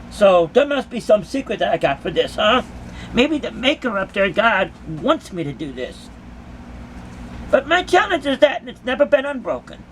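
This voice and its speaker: A woman's voice: mid-range voice, a little hiss or hum. A woman who dances at concerts giving an impassioned, emphatic monologue to her critics, full of repeated rhetorical questions.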